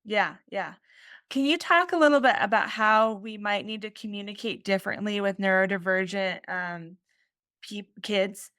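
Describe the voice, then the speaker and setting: A woman's voice: mid-range voice, moderate pace, sharp tone, no echo, studio quality. A woman hosting a podcast interview, enthusiastic and rambling as she asks her questions. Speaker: podcast host. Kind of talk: casual interview conversation.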